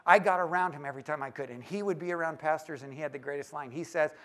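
A man with a notably high voice gives a live talk to a room of church leaders. He is lively and playful and keeps teasing his listeners as he goes. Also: fast, hardly any pauses. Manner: lively and joking, teases the audience. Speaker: speaker at a church leaders' conference.

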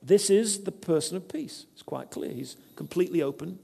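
A man's voice: sits high, lively intonation, normal speed, creaky, mellow, slightly rough, long reverb tail. A man preaching a sermon, earnest and conversational, telling personal stories. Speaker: preacher, former vicar.

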